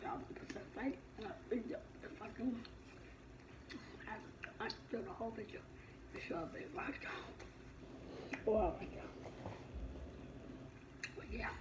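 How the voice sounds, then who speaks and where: A woman's voice: fairly high pitch, unhurried, long pauses. A young woman chatting casually to camera in a mukbang vlog, rambling and often dropping to a whisper. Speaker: vlogger. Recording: loud background noise.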